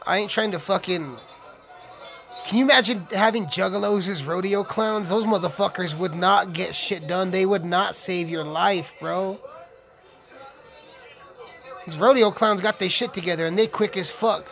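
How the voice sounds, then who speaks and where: A man's voice: high voice, moderate pace, creaky, fairly bright tone, faint music behind. A man giving a casual, profane, rambling reaction commentary on a film, joking with viewers. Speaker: video commentator.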